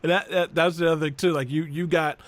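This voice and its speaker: Talking fast in a fairly high voice, this man is a father who hosts a podcast. In relaxed conversation he recounts family tales with lively energy, imitating the voices of the people in them. There's no room sound.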